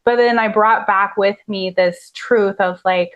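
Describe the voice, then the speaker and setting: A woman's voice: mid-range voice, fairly even intonation, measured pace, few pauses, lo-fi sound. A woman who is a podcast guest, telling a personal story in an earnest, heartfelt way with many "like" fillers.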